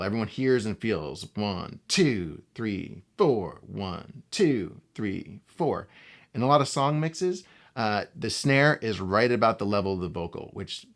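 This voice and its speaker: A man teaching a casual guitar lesson, speaking in a relaxed way and often checking in with the viewer. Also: mid-range voice, vocal fry. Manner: relaxed, talks to the viewer with frequent "right?" and "okay?". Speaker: guitar instructor.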